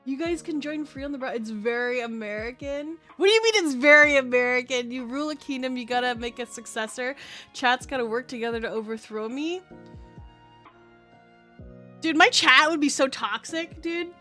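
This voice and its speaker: Excitable high-voiced woman streamer. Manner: excitable, chatty, swears often. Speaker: livestreamer. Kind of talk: casual live-stream chat.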